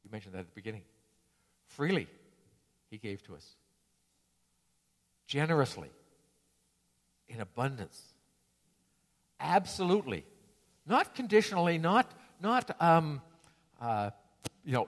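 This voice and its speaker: A man's voice: mid-range voice, very animated, measured pace, long pauses. A male preacher giving a sermon in a conversational, storytelling way, with frequent restarts. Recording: reverberant hall.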